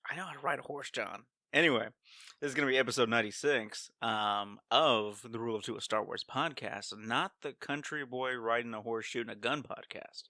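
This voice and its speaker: A man co-hosting a podcast in casual chat, laid-back and quick to laugh. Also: mid-range voice, pushed and bright, no room sound, clean studio sound. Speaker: podcast co-host.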